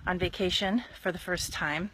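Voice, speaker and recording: A woman chatting casually on a live stream while walking outdoors in her neighborhood, telling animated stories and acting out conversations into a phone held at arm's length. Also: on the low side, normal speed, slight background noise. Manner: animated chatty storyteller, acts out quotes. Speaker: network marketer.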